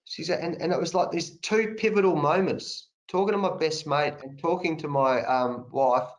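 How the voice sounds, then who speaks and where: An Australian man with a fairly high voice speaks earnestly over a video call. He is middle-aged and tells his story candidly, leaning hard on repeated phrases. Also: moderate pace, poor audio. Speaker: interview guest, cricket coach. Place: home study, indoors.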